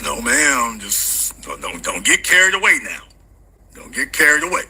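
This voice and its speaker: Man, livestream host, husky bright voice, high pitch, teasing rants. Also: big pitch swings, moderate pace, poor audio. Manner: loud, teasing, comedic rants. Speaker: livestream call-in show host. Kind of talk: casual live-stream chat.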